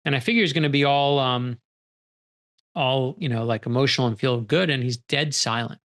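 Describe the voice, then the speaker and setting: A man's voice: mid-range voice, normal speed, fairly bright tone. A middle-aged male author being interviewed, telling stories animatedly and acting out the quoted dialogue. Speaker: author guest. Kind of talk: storytelling interview conversation.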